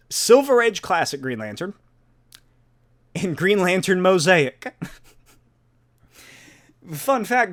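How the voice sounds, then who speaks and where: A male podcast host talks on his own in a loose, rambling way. His voice sits a little high for a man. He swears casually and often laughs mid-sentence. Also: fairly bright tone. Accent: non-native or regional accent. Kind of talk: casual solo podcast chat.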